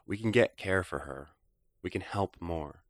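A man's voice: low-pitched, unhurried, no room sound. A man voicing Robin, a weary middle-aged father who speaks lightly and coaxingly to his son.

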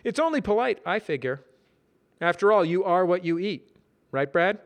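A man's voice: high voice, lively intonation, moderate pace, voice pushed up. A man voicing Simon, an earnest young office worker who speaks in a precise, slightly grand way. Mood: breezy.

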